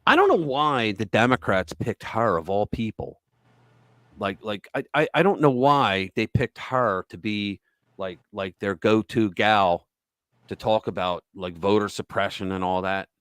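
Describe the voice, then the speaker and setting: A man hosting a casual political chat show, talking bluntly and crudely with lively storytelling. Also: fairly low pitch, unhurried, dry recording, clean studio sound. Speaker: show host.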